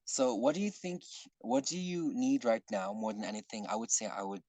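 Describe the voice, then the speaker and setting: A man leading an online workshop in casual talk, earnest and rambling, often clearing his throat. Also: mid-range voice, moderate pace, warm tone, no room sound, low-quality recording. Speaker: workshop facilitator. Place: online video call.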